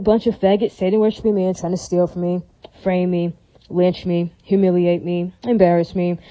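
A woman with an extremely mellow, dark-toned voice delivers a rambling monologue to her viewers. She circles back over the same points and keeps tagging "right?" onto her sentences, with short laughs slipping in. The sound is dry and close, with no room echo. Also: mid-range voice. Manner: repetitive, tags lines with "right?"; laughs between phrases.

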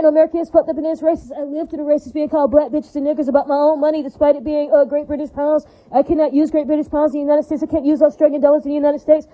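Woman, high pitch, rapid delivery; agitated, profane monologue full of repeated tag questions. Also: mellow. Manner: repetitive, rambling, with constant tag questions. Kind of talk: rambling monologue rant. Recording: tinny phone-like audio.

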